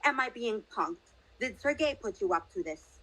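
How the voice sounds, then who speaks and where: Woman voicing a mocking male Russian crime boss, Russian accent, bright, needling tone. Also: on the high side, expressive, normal speed, low-quality recording. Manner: scoffing, mock-polite.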